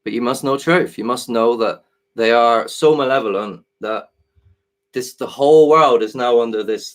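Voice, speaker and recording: This livestream host has a mid-range voice and talks with earnest hesitation while handling his software, frequently starting over mid-thought.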